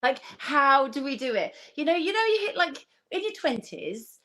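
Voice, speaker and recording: A middle-aged woman co-hosting a live online show. Her voice is fairly high and very lively in pitch. She rambles and pokes fun at herself. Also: moderate pace. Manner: animated, rambling, self-deprecating. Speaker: co-host. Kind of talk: casual live-stream chat.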